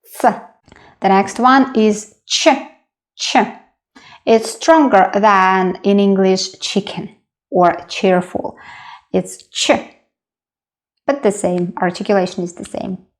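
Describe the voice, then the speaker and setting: Slow, patient Russian-accented woman teacher. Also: mid-range voice, steady tone. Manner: slow, patient, repeats each sound. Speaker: language teacher. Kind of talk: slow beginner lesson.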